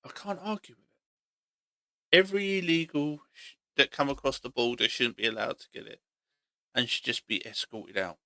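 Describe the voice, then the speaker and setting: Male vlogger, blunt and argumentative, repeats himself. Bright tone with a tense edge, dry close recording. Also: medium pitch, normal speed, creaky, pauses often, no echo. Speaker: opinion vlogger. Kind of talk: opinionated monologue.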